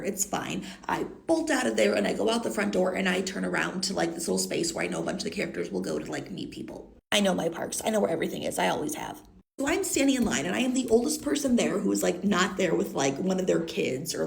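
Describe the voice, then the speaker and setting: A woman in her thirties talks straight to her phone camera, chatty and blunt, with casual swearing. Her voice is thick with vocal fry and mid-range in pitch. Her nose sounds blocked and stuffy. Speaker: content creator. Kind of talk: casual storytime vlog. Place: indoors, green-screen setup.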